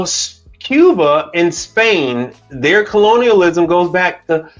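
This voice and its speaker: Middle-aged guy ranting on his stream, cussing, arguing w chat, slow and swingy, kinda muffled audio. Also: high-pitched, big pitch swings, faint music behind. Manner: blunt, profane, argumentative, talks back to chat. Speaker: livestream host. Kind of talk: casual livestream rant. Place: Houston, Texas.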